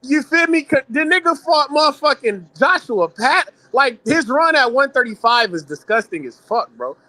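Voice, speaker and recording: A man with a strikingly high, bright, ringing voice rants in heated panel talk, swearing constantly and hammering every point with emphasis. His voice sits close and dry on the mic. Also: big pitch swings, normal speed, no echo. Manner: profane, ranting, emphatic.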